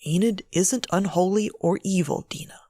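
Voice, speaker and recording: A woman voicing a weary husband who pleads in a low, hushed voice to protect a frightened little girl. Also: normal speed, no room sound, lightly acted. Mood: hushed, pleading.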